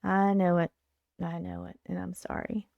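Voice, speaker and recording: A woman's voice: fairly low pitch, little pitch movement, normal speed, gravelly, dry recording, muffled recording. Older female livestream host, chatty and rambling with lots of fillers; dry, close sound. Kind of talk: casual chat.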